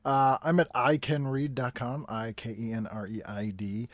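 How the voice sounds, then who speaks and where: A man's voice: medium pitch, flat delivery, normal speed, no echo. A man guest on a comedy podcast, dropping wry, dry quips in casual chat.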